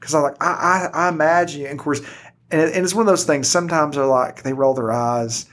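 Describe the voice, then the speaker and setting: A man, a school teacher and podcast guest, chatting casually at a table and telling stories with lively quoted voices. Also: fairly high pitch, fairly quick. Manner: animated storyteller, acts out quoted voices. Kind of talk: casual conversation. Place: indoor podcast studio at a table.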